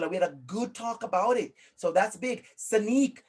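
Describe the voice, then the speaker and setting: A Jamaican man with a Jamaican accent presents an interactive online workshop over video call, energetic and encouraging, often repeating phrases for emphasis. His voice is high with a breathy edge, at a moderate pace with hardly any pauses.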